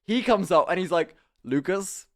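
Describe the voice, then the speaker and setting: A man's voice: medium pitch, normal speed. Laughing man telling stories to chat. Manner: animated storytelling, frequent laughter, swearing. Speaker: live streamer. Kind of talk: casual chat with stream viewers.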